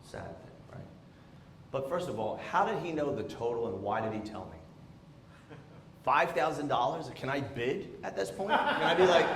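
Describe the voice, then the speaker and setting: A man performing a stand-up comedy set on a theatre stage, telling stories in an animated, exasperated way through a handheld microphone. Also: a little high, a little slow, long pauses, a little hiss or hum. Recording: roomy theatre echo.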